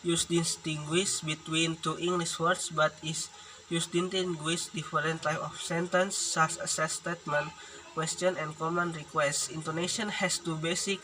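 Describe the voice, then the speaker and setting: A young man from Indonesia reads out a presentation in a careful, halting way, slowing down for example words. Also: a little high, little pitch movement. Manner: careful, halting reading with restarts and slow demonstrated words. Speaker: student presenter. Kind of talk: read academic presentation. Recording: room with audible background noise.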